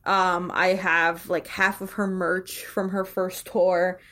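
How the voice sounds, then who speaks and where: A woman with a New York accent co-hosting a podcast, telling stories in casual chat, full of "like" and quick asides. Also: lowish voice. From New York City. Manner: excitable storyteller, lots of "like". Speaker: podcast co-host.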